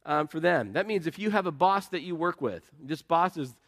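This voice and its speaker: A man's voice: a little high, animated, moderate pace, fairly bright tone. Middle-aged male pastor, earnest and conversational. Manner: earnest, conversational preaching with rhetorical questions and personal stories. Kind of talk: sermon.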